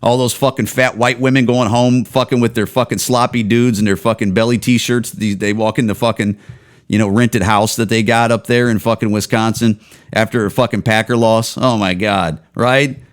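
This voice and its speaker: A man's voice: fairly low pitch, fairly even intonation, normal speed. A man in his forties hosting his own podcast alone, rambling and swearing heavily as he rants about football. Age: 40s. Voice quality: profane, rambling, heated. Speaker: podcast host. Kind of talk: casual solo podcast rant. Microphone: home camera setup.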